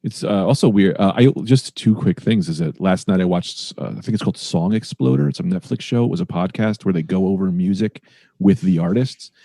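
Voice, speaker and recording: A man's voice: sits low, fairly quick, vocal fry, dark tone, dry recording, clean studio sound. A man, a stand-up comedian, talking casually on a podcast and playing with sing-song inflections.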